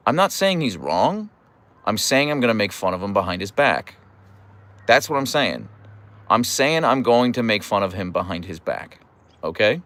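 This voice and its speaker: A man's voice: lowish voice, big pitch swings, normal speed, long pauses, fairly bright tone, no room sound. A man from Pittsburgh with a Pittsburgh accent, chatting casually on a livestream, reading viewer comments and teasing. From United States. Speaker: livestream host reading chat.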